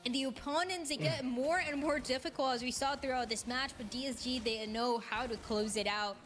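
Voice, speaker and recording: A female esports analyst who breaks down the match in a measured, searching way. Her voice is slightly high, with faint music running behind. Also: fairly even intonation, fairly bright tone.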